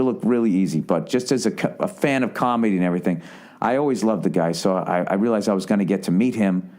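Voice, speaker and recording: A man's voice: on the low side, a little mellow. A man in his forties with a Boston accent, telling a long rambling story on his podcast in a casual, profane way and acting out the quotes. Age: 40s. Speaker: comedian and podcast host.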